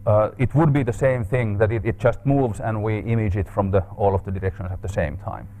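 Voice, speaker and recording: A man's voice: on the low side, a little fast, dark tone. Hesitant man giving an academic lecture. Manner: hesitant, thinking aloud with fillers. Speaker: seminar speaker. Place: seminar room.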